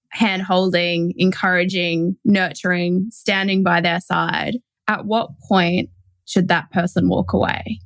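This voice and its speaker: Thoughtful low-voiced female host. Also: no echo. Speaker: podcast host. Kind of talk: interview questions.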